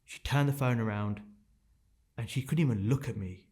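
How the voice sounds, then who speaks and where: A man's voice: medium pitch, moderate pace, darkish tone. A man in his thirties, a podcast guest telling a painful personal story in a raw, intense way, swearing and repeating phrases for emphasis.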